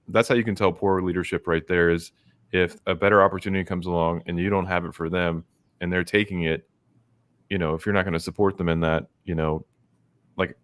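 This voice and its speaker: A man hosting a podcast, chatting quickly and giving his views at length. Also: deep voice. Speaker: podcast host. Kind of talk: casual interview chat.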